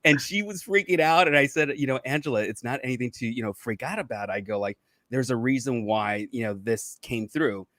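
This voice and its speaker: A man, a psychic medium guest, explaining in calm casual chat with frequent fillers. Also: medium pitch, fairly quick, dry recording, studio quality.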